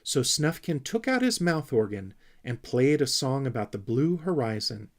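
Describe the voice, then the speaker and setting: A man narrating a children's storybook in a gentle, expressive way. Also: mid-range voice, normal speed. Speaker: audiobook reader.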